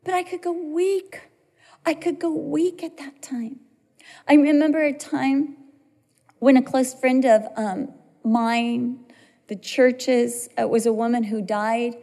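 A woman's voice: sits high, fairly even intonation, slow pace, mellow. A middle-aged woman preaching a sermon, telling personal stories in a conversational, emotional way. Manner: storytelling, conversational, emotional swings. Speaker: pastor's wife preaching. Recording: long hall reverb.

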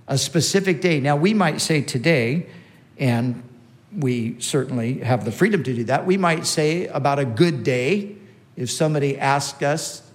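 A man's voice: medium pitch, a little slow. A man preaching a sermon in a teaching manner, repeating key phrases for emphasis and restarting his sentences.

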